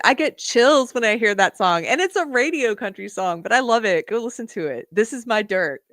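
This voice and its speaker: A woman's voice: a little high, moderate pace, fairly bright tone, no room sound, clean studio sound. A woman hosting a live stream, chatting earnestly and directly with her viewers. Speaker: livestream show host. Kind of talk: casual live-stream chat.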